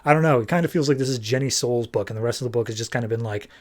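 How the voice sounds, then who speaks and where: A man's voice: mid-range voice, racing. A man hosting a casual comics podcast, talking in a rambling, offhand way full of fillers. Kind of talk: casual comic book review.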